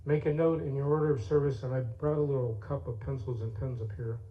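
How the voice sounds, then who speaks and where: Speaking fast in a steady, mid-range voice, a man tells a chatty, folksy story with asides to a church congregation. The piece blends storytelling and song, captured in an echoey, tinny recording where the guitar is loud.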